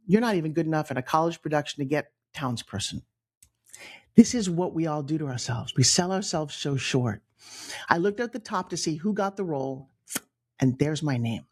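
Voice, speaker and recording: Middle-aged new york woman telling her life story on a podcast, lively, does little voices for people she quotes. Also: on the low side. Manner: animated, acts out quoted voices, frequent restarts. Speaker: guest storyteller.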